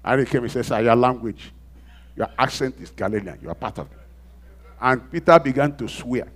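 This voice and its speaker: A man preaching a sermon, dramatically acting out quoted voices and swinging from loud exclamations to hushed asides. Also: medium pitch, expressive, fairly quick.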